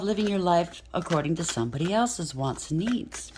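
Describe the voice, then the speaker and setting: Low-voiced woman tarot reader, chatty, blunt, thinks aloud. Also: lively intonation, moderate pace, darkish tone, slight background noise. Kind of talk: casual tarot reading to camera.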